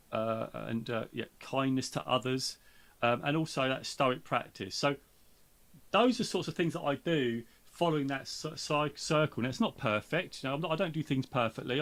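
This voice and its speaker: A man's voice: medium pitch, normal speed, a bit bright. Rambling male podcast host. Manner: rambling, full of fillers and restarts. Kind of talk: casual podcast chat.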